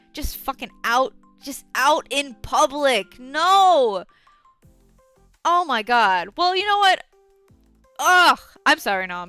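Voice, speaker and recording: Young woman streamer, high bright voice, lively and profane, dry close mic with faint music behind. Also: dry recording. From New York City. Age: young adult. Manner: swears constantly, rants with outrage. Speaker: streamer reading chat. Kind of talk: casual livestream chat.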